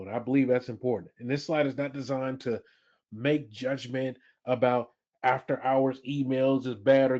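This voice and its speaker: A man's voice: mid-range voice, warm tone. A man presenting a workplace training webinar, emphatic, repeating key phrases and asking the audience questions. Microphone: webinar audio. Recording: dull lo-fi webinar audio.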